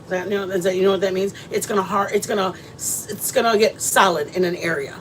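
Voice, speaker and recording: Lady rambling on a cooking livestream, talking right to her viewers, mid voice, faint rumble behind. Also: steady tone, fast talker. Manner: chatty, rambling, talks straight to viewers. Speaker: livestream host. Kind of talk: casual cooking livestream chat.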